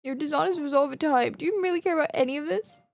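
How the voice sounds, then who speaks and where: A woman's voice: sits high, fairly even intonation, fairly quick, vocal fry, dark tone, pitched above the performer's own voice. Woman voicing bitter young man, accusing, raised voice, game read-along. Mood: angry.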